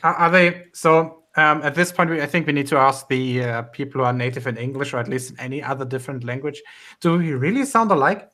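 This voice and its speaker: Bright-voiced stumbling male host. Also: medium pitch, fast. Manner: stumbling, restarting sentences. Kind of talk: casual chat on a call.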